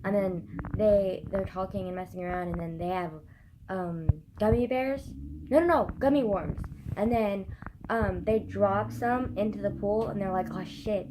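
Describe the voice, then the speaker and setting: A young woman with a hoarse, croaky, scratchy voice, chatting casually to camera, rambling and swearing as she talks. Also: mid-range voice, moderate pace. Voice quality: scratchy rasp. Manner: rambling, swears often, heavy use of "like". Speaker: vlogger.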